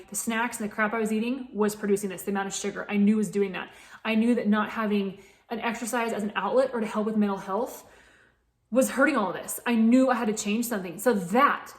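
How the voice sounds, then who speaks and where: A woman in her late thirties, a fitness coach, telling her own story in a candid, chatty way. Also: mid-range voice. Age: 30s. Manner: candid and chatty, many restarts. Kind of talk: personal story told to camera. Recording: echoey room.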